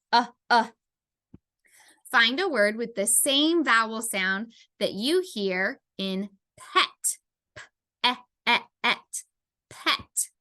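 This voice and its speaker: Slow, bright-voiced woman teaching phonics. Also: on the high side. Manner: slow, sounding out words letter by letter. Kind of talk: phonics lesson for children.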